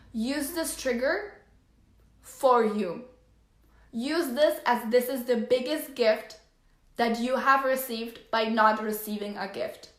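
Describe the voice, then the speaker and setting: A woman hosts a motivational live stream in a gushing, effusive manner and is quick to tears. Her voice sits fairly high. The room adds a noticeable echo. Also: fairly bright tone. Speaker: life coach host.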